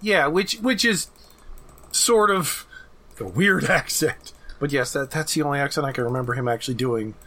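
A man co-hosting a casual chat about cartoons, animated and quick to laugh. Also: mid-range voice. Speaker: podcast co-host.

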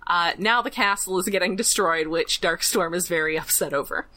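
A woman podcast co-host giving a chatty, casual episode recap, laughing often and filling pauses with "uh". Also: fairly low pitch, sharp tone, rough recording.

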